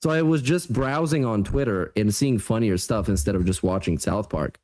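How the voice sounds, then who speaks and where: A man co-hosting a stream, giving relaxed, rambling opinions in casual chat. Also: on the low side, moderate pace. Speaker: stream co-host.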